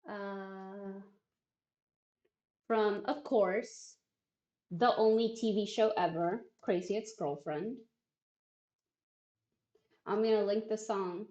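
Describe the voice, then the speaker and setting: A woman's voice: medium pitch, warm tone. A woman streamer chatting casually in a rambling, self-deprecating, wry way. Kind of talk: casual livestream chat. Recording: roomy, muffled stream audio.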